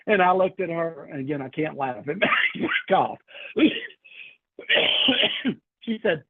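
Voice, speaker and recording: A man's voice: on the high side, slow, no room sound, narrow, tinny audio. A man telling a story to an audience, acting out the voices of the people in it. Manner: animated storyteller, acts out quoted voices. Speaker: keynote speaker. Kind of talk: storytelling keynote talk.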